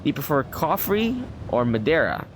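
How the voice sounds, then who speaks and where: A man's voice: on the high side, sing-song, normal speed, slight background noise, pitched above the performer's own voice. A man voicing a cheerful older male professor in a game reading, in a raised voice.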